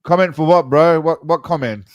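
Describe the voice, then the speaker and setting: A man's voice: fairly high pitch, normal speed, no echo, dull audio. A man streaming live, reacting to a video with loose, joking commentary and casual swearing, greeting viewers as he goes.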